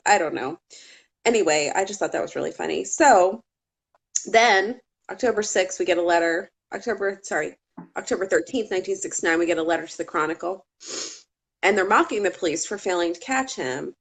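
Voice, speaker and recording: A woman co-hosting a casual true-crime chat, talkative, with laughing asides and swearing. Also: lowish voice. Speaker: podcast co-host.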